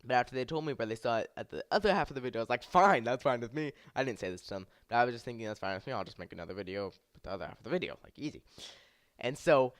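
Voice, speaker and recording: A young man telling a long gaming story in a casual vlog, rambling and saying "like" a lot, his pitch climbing when he replays his own anger. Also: animated, very fast, no room sound, clean studio sound. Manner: rambling, heavy use of "like" and "I was like". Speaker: YouTuber and game server moderator.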